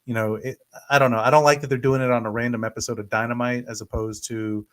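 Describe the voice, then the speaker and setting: A man's voice: medium pitch, flat delivery, quick pace. Easygoing, hesitant male podcast co-host. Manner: easygoing, hesitant, many fillers. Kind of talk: casual wrestling podcast chat.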